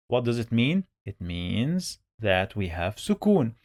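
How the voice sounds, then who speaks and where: A man's voice: mid-range voice, big pitch swings, a little slow, few pauses, darkish tone, no room sound, studio quality. A man teaching Quran reading to beginners, patiently sounding out and repeating each syllable. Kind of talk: step-by-step reading lesson.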